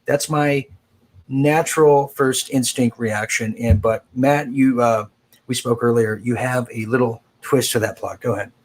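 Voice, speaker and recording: A man hosting a live political talk show, rambling with quick asides and frequent restarts. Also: medium pitch, fairly even intonation.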